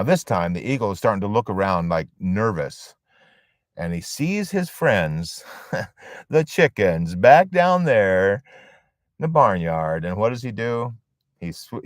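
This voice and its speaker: Speaking very low, a man shares a sermon built around storytelling for a support group. He leans on emphatic phrasing and lengthy dramatic pauses, captured in a close, dry recording.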